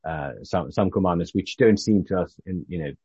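A man's voice: low voice, a little mellow, slightly rough, no room sound, highs cut off. A man from Britain leading an informal Bible study, talking conversationally with frequent halts and restarts. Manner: halting, restarts often, conversational.

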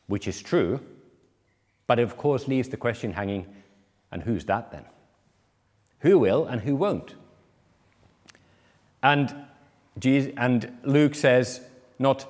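A man's voice: mid-range voice, moderate pace, pauses often, a little mellow, in a large hall. A man preaching a sermon, explaining a parable and briefly acting out the people he quotes. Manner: explanatory, acts out quoted speakers.

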